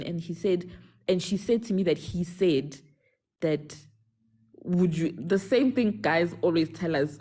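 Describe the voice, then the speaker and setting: Woman, South African accent, young adult, animated, code-switching, casual storytelling, low warm voice. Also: measured pace. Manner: animated, switching between English and a local language mid-sentence. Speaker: caller telling a story. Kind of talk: casual storytelling on a live stream.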